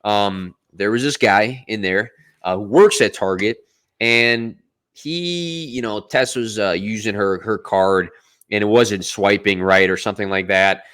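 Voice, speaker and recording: A man's voice: lowish voice, a little slow, fairly bright tone, clean tone. A man on a casual podcast, telling stories in a rambling way and acting out the dialogue. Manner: rambling storyteller who acts out dialogue. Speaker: podcast host.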